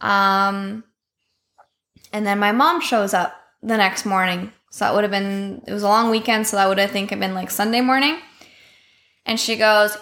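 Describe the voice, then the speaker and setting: A bright-voiced young woman telling a personal story on a podcast, casual and blunt. Her speech is loose and profane, full of "um" and "like", with a clear, forward tone. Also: medium pitch, steady tone, moderate pace. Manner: candid, profane, heavy filler words. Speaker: podcast guest.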